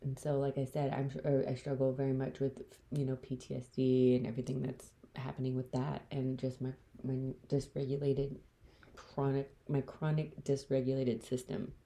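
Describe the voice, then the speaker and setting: A woman's voice: rumbling low, little pitch movement, moderate pace, gravelly, warm tone. A woman hosting a solo podcast, talking candidly and bluntly, swearing freely and dropping into whispers mid-rant. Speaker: podcast host.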